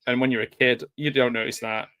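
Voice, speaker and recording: With a medium pitch, steady tone and a sharp yet smooth sound, the man speaks briskly and without echo. He jokes casually over a film in live commentary, wry and chatty, with dry humor and plenty of fillers.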